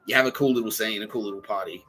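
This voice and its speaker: A man's voice: fairly low pitch, very fast, a bit bright, poor audio. A man hosting a podcast, talking in a rambling, profane solo monologue and acting out quotes in voices. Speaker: podcast host.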